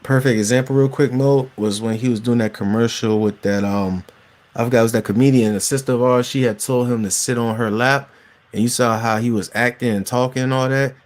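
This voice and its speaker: A man's voice: mid-range voice, steady tone, brisk. Laid-back young man hosting. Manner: laid-back, agreeing, chimes in with asides. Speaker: podcast host. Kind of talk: casual podcast conversation.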